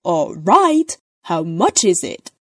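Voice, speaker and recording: A kindly old grandfather pig from a storybook, calm and fatherly, as a woman reading aloud voices him. The lines come slowly and steadily. The sound is close and dry. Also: mid-range voice, no room sound.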